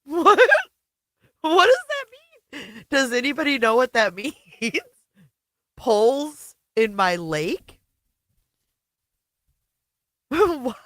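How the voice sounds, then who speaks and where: A woman's voice: high-pitched, very animated, slow pace, pauses often, a bit bright, dry recording. A woman hosting a reaction commentary, talking sarcastically and laughing often. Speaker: commentary channel host.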